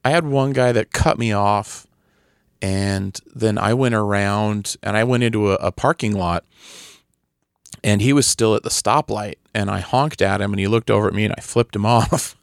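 A man's voice: on the low side, normal speed, vocal fry, dry recording. Laughing storytelling man, dry sound. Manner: storytelling, laughs often, acts out quoted voices. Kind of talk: casual chat.

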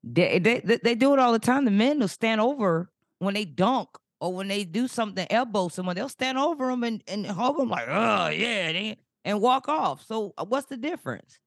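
A woman co-hosting a podcast, chiming in with quick, joking remarks. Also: medium pitch, animated, dry recording, studio quality. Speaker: podcast co-host. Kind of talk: casual podcast chat.

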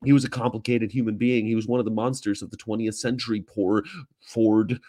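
A man's voice: on the low side, level tone, a little fast, dark tone. A man with an American accent hosting a casual livestream, reading viewer comments and rambling with jokes and casual swearing. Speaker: host.

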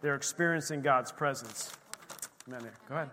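Pastor guy preaching, bright forceful voice, kinda hoarse, big reverb hall. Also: medium pitch, normal speed. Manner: emphatic, exclaiming praise, frequent amens. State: losing his voice. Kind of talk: sermon. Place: church sanctuary. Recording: long church hall reverb.

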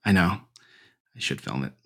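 A man's voice: low voice, sing-song, normal speed, vocal fry, a bit bright. A man co-hosting a podcast in casual chat over a remote call, rambling with lots of fillers. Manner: rambling, many "like" fillers and restarts, swears casually. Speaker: podcast co-host. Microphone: remote call over shaky wifi.

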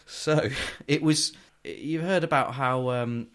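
A man's voice: mid-range voice, slow pace, fairly bright tone, clear, resonant tone. A young man co-hosting a podcast, telling stories in a playful, dry joking way. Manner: playful, storytelling, dry jokes. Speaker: podcast co-host. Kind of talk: casual comedic chat.

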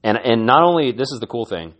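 A man's voice: medium pitch, animated, a little fast, fairly bright tone. A man hosting a podcast, giving an earnest, encouraging motivational talk and often repeating his words. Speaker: podcast host.

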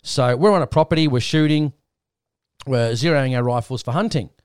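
An Australian podcast host chats casually, telling a rambling story and acting out what other people said in an animated way. His voice is medium-pitched and smooth, at a normal pace. The recording is dry and studio quality.

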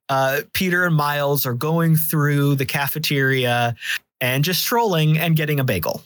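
A man narrating as game master of a tabletop role-playing game, describing scenes in a measured way. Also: a little high, fairly bright tone, dry recording.

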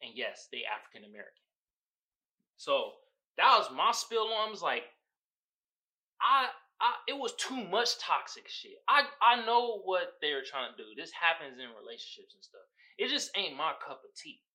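On a rough recording, a young podcast host from the San Francisco Bay Area vents about a film, laughing often and talking in profane slang. His voice runs on the high side, expressive and pushed and bright, at a moderate pace.

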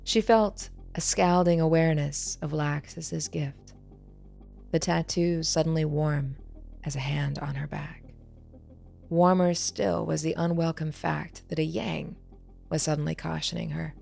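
A woman reads her own fantasy story in a measured storytelling manner. Her voice is low and gravelly with creaky edges, and the reading is carefully paced. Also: steady tone, a little mellow, soft background music. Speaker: author and narrator. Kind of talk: scripted fantasy narration.

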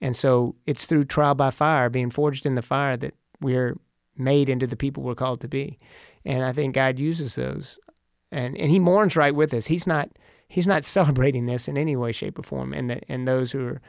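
In a dry, studio-quality recording, a man speaks at normal speed with a creaky, medium-pitched voice and fairly even intonation. He's in his forties with teenage daughters, and he shares stories about family and faith in an earnest, prayerful, casual way.

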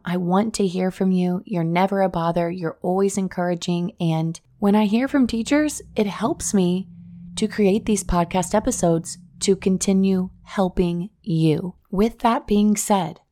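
A woman hosts her own podcast in a relaxed monologue. Her voice sits in an ordinary middle range, and she speaks earnestly, encouraging the listener directly. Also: medium pitch. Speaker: podcast host.

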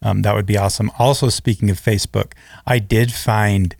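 A man co-hosting a business podcast, talking earnestly with halting restarts. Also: lowish voice, steady tone, creaky, darkish tone, no echo, studio quality. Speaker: podcast co-host. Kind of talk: casual podcast chat.

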